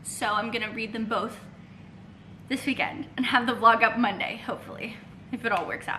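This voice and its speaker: Young gal rambling about books on her vlog, cusses a lot, bright voice, kinda high. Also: moderate pace, a little hiss or hum. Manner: animated, swears often, rambling. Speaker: book vlogger. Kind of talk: casual reading vlog.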